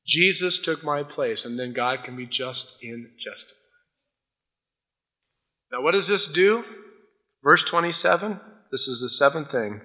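A man with a medium-pitched voice, speaking a little slowly, preaches a sermon as a pastor. He tells the story animatedly, taking on both the judge's and the defendant's voices in a courtroom scene. The audio is dull and lo-fi.

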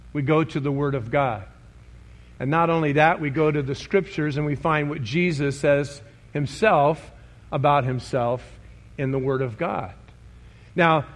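Male pastor, sermon delivery, slightly high voice, emphatic, conversational. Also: a bit bright. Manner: emphatic, conversational, questions the congregation.

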